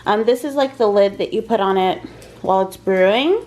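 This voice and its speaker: A woman's voice: medium pitch, normal speed, darkish tone. A woman talking casually through her cooking in a home kitchen vlog, with frequent ums, over a faint kitchen fan. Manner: chatty, explains as she cooks, frequent ums. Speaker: vlogger. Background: kitchen fan and frying noise.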